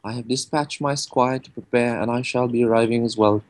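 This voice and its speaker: An earnest, devout young knight in a tabletop game, as a man puts him on, speaking in formal, courtly phrases. Mid-pitched and sincere. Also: steady tone, fairly quick, lightly acted. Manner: formal, old-fashioned courtly speech.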